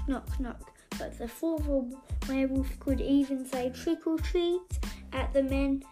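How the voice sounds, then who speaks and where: A woman reading a children's story aloud in an expressive, playful way. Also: high voice. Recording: faint background music.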